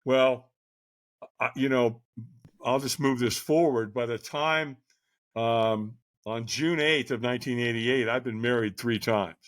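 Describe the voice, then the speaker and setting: An older man tells his story in a candid, conversational way as a podcast guest. His voice sits at a middle pitch and sounds dry and close to the mic. He grows animated when he acts out other people. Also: a little slow, no room sound.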